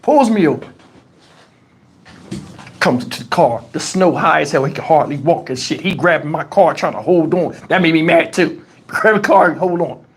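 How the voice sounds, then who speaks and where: A man with a fairly high voice tells a story live to his viewers. He is loose and profane, and he jumps into the voices of the people he quotes. It sounds like a close clip-on mic. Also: moderate pace, breathy edge. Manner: animated, profane, acts out quoted dialogue. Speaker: livestream host. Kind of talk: casual storytelling to a live chat. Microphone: wireless lavalier.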